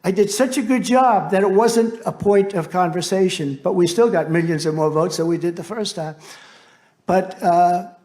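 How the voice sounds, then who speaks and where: A man's voice: high voice, moderate pace, darkish tone. A man who is a political candidate, giving a campaign rally speech in a rambling, boastful way with asides to the crowd.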